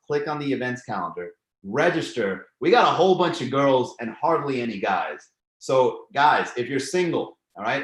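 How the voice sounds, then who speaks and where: A man's voice: medium pitch, fairly bright tone, reverberant. A man hosting a live comedy stream, chatting loosely and profanely as he reads and riffs on viewer comments. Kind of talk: casual live-stream chat reading comments.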